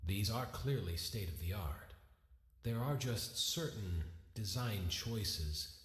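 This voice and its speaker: A probing board member. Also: male voice, lowish voice, expressive, slow pace, roomy sound, big-room sound. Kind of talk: game cutscene voice acting.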